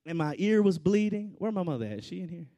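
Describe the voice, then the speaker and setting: A man delivers a storytelling sermon as a preacher. His voice sits somewhat high and leaps around in pitch. He moves from loud outbursts to quiet, hushed asides.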